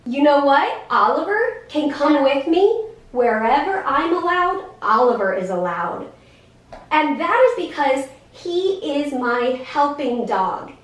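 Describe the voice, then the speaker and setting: A woman in her thirties explaining things to a class of children, in an animated, sing-song, teacherly way with many questions. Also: sits high, slow. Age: 30s. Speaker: guest speaker in a special education class. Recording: echoey classroom, voice from far off.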